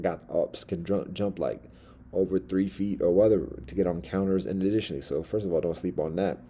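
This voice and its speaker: Deep, gravelly man doing a halting, wry solo monologue. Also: warm tone. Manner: halting, many restarts, wry. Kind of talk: rambling comic monologue.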